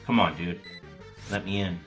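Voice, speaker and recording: A man's voice: low voice, fairly even intonation, moderate pace. A man hosting his gaming channel, chatting casually and rambling between jokes while he plays. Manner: rambling, jokey asides. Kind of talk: casual gameplay commentary. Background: faint game music.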